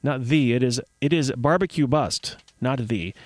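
A man's voice: mid-range voice, normal speed, no room sound. A man presenting a radio show from a studio, chatty and wry, with joking asides between records. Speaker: radio host. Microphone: studio microphone.

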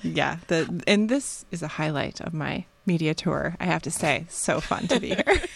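A woman's voice: low voice, moderate pace, vocal fry, slight background noise. A woman author from the United States, a guest in a radio studio, telling stories with enthusiasm. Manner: enthusiastic, animated storyteller. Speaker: author guest and occasional guest host. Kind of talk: casual radio interview.

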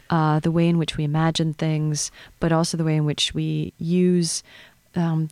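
Low-voiced woman poet on radio. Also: no echo. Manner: warm and effusive in talk, slow and measured when reading. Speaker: visiting poet, guest. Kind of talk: casual radio interview, then poetry reading. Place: radio studio.

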